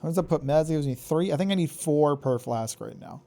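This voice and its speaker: A man streaming a video game live, reacting excitably, swearing and taunting the enemies he fights. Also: a little high, fairly quick. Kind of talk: live gameplay commentary.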